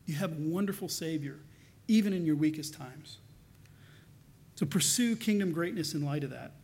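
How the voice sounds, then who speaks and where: A man preaching a sermon, earnest, swinging between loud emphasis and soft, hushed lines. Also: on the high side, animated, normal speed, slightly rough. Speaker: pastor.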